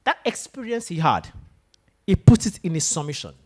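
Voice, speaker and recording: Speaking at normal speed in a high voice, a man addresses students in a lecture room as a guest speaker. His motivational talk is animated, his pitch rising and falling, and he mixes in stories and frequent questions to the audience.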